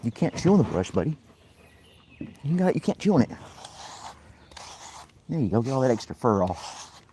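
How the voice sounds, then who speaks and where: Amid slight background noise, a man with a dark, mid-range voice and big pitch swings talks at normal speed. The vlogger and podcast host is playing with his dog in a backyard, chatting casually, chuckling often and issuing playful commands.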